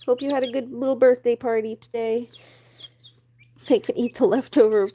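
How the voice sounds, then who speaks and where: A woman hosting a casual livestream, reading out chat messages and talking to her baby chicks, sometimes cooing at them in a high baby-talk voice. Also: fairly even intonation, normal speed, mellow. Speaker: livestream host. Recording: noticeable background noise. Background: chirping chicks.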